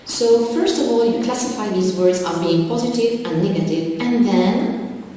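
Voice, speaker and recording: A woman's voice: mid-range voice, moderate pace, dark tone, a little hiss or hum. A woman teaching an English lesson, explaining vocabulary and word forms carefully, one term at a time. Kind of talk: slow deliberate classroom explanation. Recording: very echoey hall from far off.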